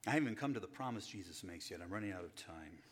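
A pastor preaches to his congregation in a low, expressive, rapid-fire voice, calling them saints. He poses rhetorical questions and answers them himself, building to emphatic passages.

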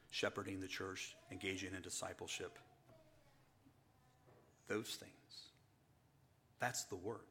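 A man's voice: on the low side, bright, forceful tone. A man preaching a sermon to his congregation, calling them saints and asking and answering his own questions. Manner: preaching, asks and answers rhetorical questions, rises to emphatic passages; addresses listeners as saints. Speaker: pastor.

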